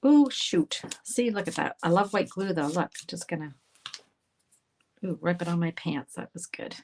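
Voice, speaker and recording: A chatty woman from Canada walks viewers through a card-making project, talking as she works. Her voice sits a little low for a woman, and she jokes about her own mistakes. Faint noise and small clicks sit behind her. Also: animated, moderate pace, darkish tone. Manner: chatty, self-deprecating, talks to viewers while working. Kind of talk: casual crafting tutorial.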